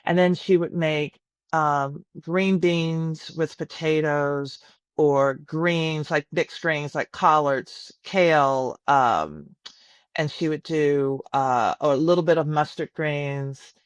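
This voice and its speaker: Brief: woman, 60s, from Tennessee, chatty guest on a remote call, lively storyteller, dry sound. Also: sits low, takes it slowly, clear, resonant tone, no echo. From Nashville, Tennessee. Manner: lively, chatty storyteller who laughs often. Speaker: chef guest. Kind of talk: casual interview chat. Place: her home.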